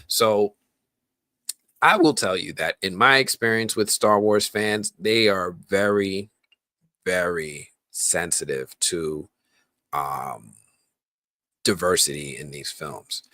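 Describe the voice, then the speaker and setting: A man's voice: sits low, takes it slowly, pauses often, sharp tone, no echo. A man hosting a casual movie news podcast, talking loosely with lots of ums and restarts. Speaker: podcast host.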